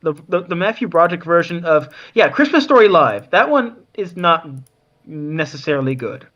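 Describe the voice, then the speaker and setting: A man's voice: on the high side, big pitch swings, moderate pace, a bit bright. A man chatting casually with friends over a voice call, swearing often and rambling as he searches for words. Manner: profane, rambling.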